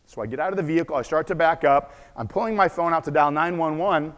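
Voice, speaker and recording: A man giving a conference talk, telling a dramatic story and shifting between loud bursts and hushed asides. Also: a little high, fast. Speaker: conference speaker. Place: conference stage. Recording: echoey conference hall.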